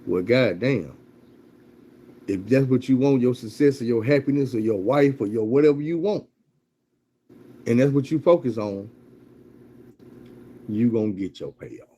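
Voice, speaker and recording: A man's voice: medium pitch, animated, measured pace, long pauses, mellow, a little hiss or hum. A man telling a motivational story in a blunt, profane, repetitive way.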